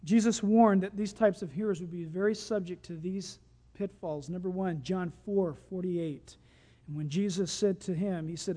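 A preacher giving a sermon, telling stories with animation and swinging from loud to hushed. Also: mid-range voice, normal speed.

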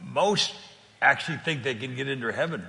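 An older Californian man tells faith stories as a guest speaker, his conversational testimony earnest, full of repeated words and easy laughter. His voice is medium-pitched and creaky at a normal speed, heard in a big room with crowd noise.

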